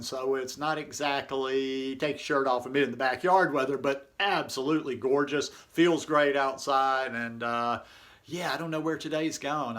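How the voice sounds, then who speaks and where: A man hosting his own daily channel, chatting casually from home and then reading an article aloud slowly. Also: medium pitch. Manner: relaxed and conversational, reads slowly and deliberately. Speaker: vlog host. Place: home, indoors.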